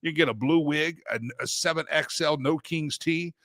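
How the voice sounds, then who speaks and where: A man's voice: fairly high pitch, steady tone, moderate pace, fairly bright tone, no echo, studio quality. A male host giving a casual talk-show monologue, joking and laughing at his own gags, now and then chanting a recurring segment line in a sing-song.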